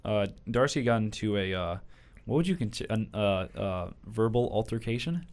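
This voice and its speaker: A young man hosting a college radio podcast, chatting casually, laughing often and telling stories with rising excitement. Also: on the low side, normal speed. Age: young adult. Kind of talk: casual interview chat.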